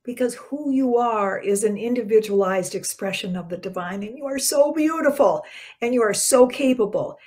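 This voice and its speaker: A woman minister giving a short spiritual talk in a conversational preaching manner, with soft dropped endings and sudden bursts of emphasis. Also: mid-range voice.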